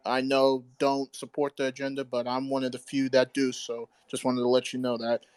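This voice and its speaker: Flat-voiced man from Ghana calling in. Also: mid-range voice, moderate pace, clean tone, no room sound. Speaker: caller.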